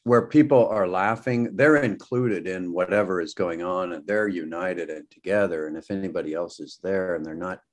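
Lower-voiced man telling a story casually. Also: moderate pace, few pauses. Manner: animated, loose storytelling with "kinda" and "like". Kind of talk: casual chat.

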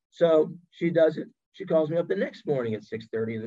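A man who is a guest on a podcast, telling stories in an animated way and acting out the voices of the people he quotes. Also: fairly high pitch, a little fast, dull audio. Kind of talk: storytelling in an interview chat.

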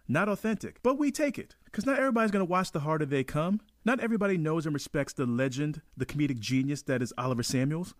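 A man from Jamaica hosting a radio show, giving emphatic opinionated commentary that swings from low asides to excited highs. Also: dry recording, clean studio sound.

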